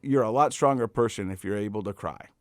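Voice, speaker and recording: A man's voice: on the low side, a little fast, no room sound, clean studio sound. An American man hosting a podcast, chatting and telling stories in a heartfelt way, often repeating words as he starts his sentences. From United States. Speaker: podcast host. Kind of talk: casual chat and storytelling.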